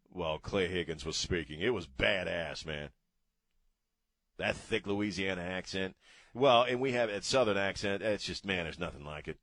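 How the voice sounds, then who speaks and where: A man from Maryland hosts a talk radio show in a rambling, emphatic flow, stacking filler words as he goes. His voice sits on the low side. The sound is close and dry. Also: a bit bright, no echo. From Maryland, USA. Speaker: radio host.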